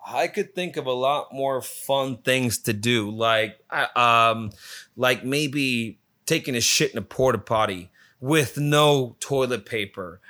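Speaking slowly with a sharp tone, a mid-range-voiced man from the Phoenix area tells a meandering travel story packed with swearing. He comes across casual and fed up as he recounts the trip.

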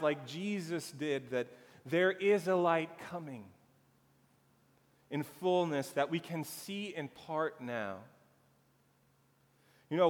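A man pastor preaching a sermon slowly and earnestly, drawing out his phrases. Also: on the high side. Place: church sanctuary. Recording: long reverb of a church hall.

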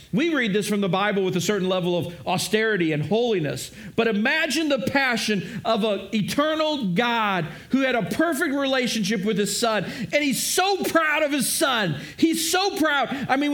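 A man's voice: very high voice, fairly bright tone. A man preaching a sermon in an earnest way, often repeating words and speaking directly to his listeners. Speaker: pastor.

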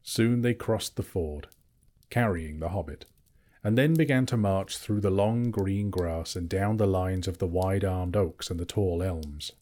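A man reading a classic children's novel aloud in a measured, storytelling manner. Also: low-pitched, dark tone. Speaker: narrator. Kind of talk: audiobook reading.

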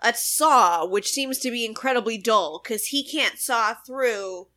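A woman co-hosting a podcast, chatting casually and retelling a sitcom scene with animated acted-out quotes. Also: a little high, measured pace. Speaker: podcast co-host. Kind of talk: casual chat recapping a sitcom episode.

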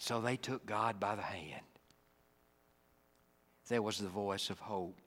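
A man preaching a sermon. He acts out the people in the story and swings between booming lines and hushed ones. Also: slow pace, long pauses, big-room sound. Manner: dramatic, acts out the Bible figures, swings from loud to hushed.

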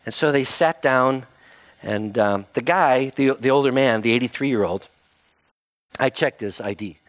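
A man's voice: medium pitch, unhurried, no echo. A middle-aged man preaching as a pastor, telling a funny personal story with self-mocking asides before leading into prayer. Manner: animated, self-mocking anecdote with laughs. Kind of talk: storytelling sermon.

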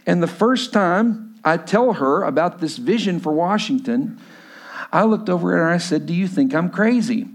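A man preaching a sermon as pastor of his church, emphatic, moving between hushed lines and raised ones. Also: sits high, expressive, normal speed.

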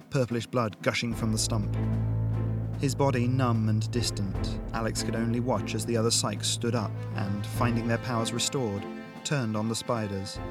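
A man reading an action science fiction audiobook in a steady, dramatic narration style. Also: mid-range voice. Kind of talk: scripted narration. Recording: music bed under narration.

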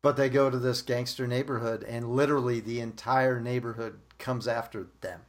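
A man's voice: mid-range voice, steady tone, normal speed. A man co-hosting a casual podcast who laughs a lot and asks the guests questions. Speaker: podcast co-host.

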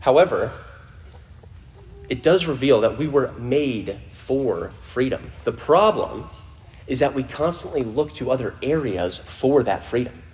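A man preaching a sermon to a congregation in a conversational way, often restarting phrases and dropping his voice low for emphasis. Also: lively intonation, measured pace, a little mellow. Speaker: pastor. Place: church in front of a congregation.

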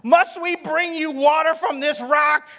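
A man's voice: medium pitch, measured pace, close to an everyday voice. A man voicing a hot-tempered old male prophet who bellows at a crowd. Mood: shouting. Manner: bellowing, then breezy. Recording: long hall reverb.

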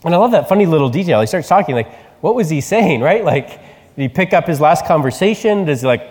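A man preaches a sermon, his pitch a little high and very expressive as he moves from quiet reflection to lively retelling. His voice carries a long echo through a large church hall. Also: brisk. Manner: conversational preaching, animated retelling. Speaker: pastor.

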